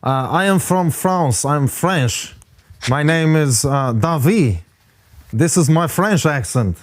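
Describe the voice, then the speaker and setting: A man's voice: a little high, animated, no room sound, pitched below the performer's own voice. A man doing a cheesy mock Frenchman. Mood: hammy. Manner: slow, deliberate, fishing for approval. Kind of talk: comic accent impression.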